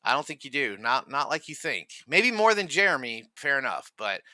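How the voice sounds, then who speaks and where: Brief: angry commentary host, profane, mocking, very bright and sharp tone, dry close mic. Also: male voice, mid-range voice, sing-song, moderate pace, no echo. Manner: profane, furious, mocking ranting.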